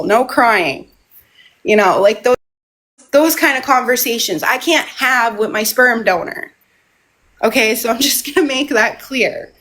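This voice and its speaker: A woman's voice: medium pitch, a bit bright, rough recording. A woman talking on a live stream in a casual, rambling monologue. She sounds emotional and often repeats herself.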